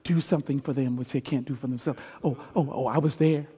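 A middle-aged man preaching a storytelling sermon as a pastor, swinging from hushed tones to loud peaks. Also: medium pitch, steady tone, fast talker, slightly rough. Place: large church hall. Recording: long hall reverb with faint piano. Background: soft piano.

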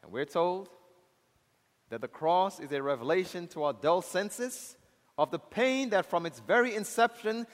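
High-voiced preacher in a reverberant church. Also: male voice. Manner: impassioned, rises loud then drops low and soft; calls out to the congregation. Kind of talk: sermon. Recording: long hall reverb.

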